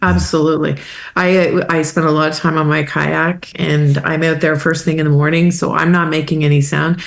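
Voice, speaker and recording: A woman from Canada, a wildlife photographer, talking as a guest in a casual interview, animated and emotional, laughing often. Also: deep voice, normal speed, gravelly.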